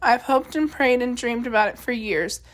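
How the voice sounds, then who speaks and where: A woman voicing a gentle, sorrowful middle-aged preacher, speaking softly and slowly in a storybook reading. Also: a little high, animated, lightly acted.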